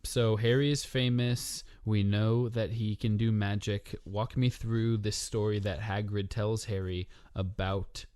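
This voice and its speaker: A man's voice: on the low side, steady tone, measured pace, few pauses, darkish tone, smooth, dry recording. A man co-hosting a casual podcast book discussion, teasing his partner with dry humor and steering the talk with questions. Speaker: podcast co-host.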